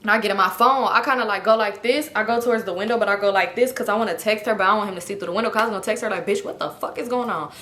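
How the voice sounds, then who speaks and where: A young adult woman casually telling a personal story, animated and profane, acting out the people she quotes. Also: mid-range voice, racing, hardly any pauses. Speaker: storytime vlogger.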